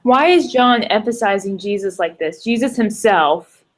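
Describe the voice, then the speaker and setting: A woman's voice: mid-range voice, lively intonation, moderate pace. A woman student in a tutoring session, thinking aloud and asking hesitant questions.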